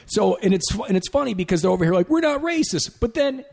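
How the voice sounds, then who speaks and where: A man's voice: high voice, animated, rapid-fire, creaky, a little mellow. A man in casual chat, blunt and profane, ranting and mocking others in put-on voices.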